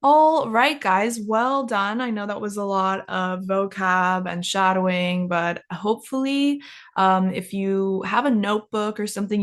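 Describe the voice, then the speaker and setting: A young woman teaching an English lesson, who says each travel phrase slowly and clearly for learners to repeat, in a casual, encouraging way. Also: medium pitch. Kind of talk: English lesson with shadowing drills.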